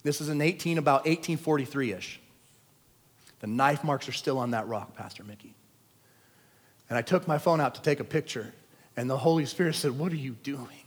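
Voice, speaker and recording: A man preaching a sermon as a pastor, telling stories with animated energy that sinks to a hush for quiet moments. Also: medium pitch, moderate pace, long pauses. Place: large church hall. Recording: long reverb of a big hall.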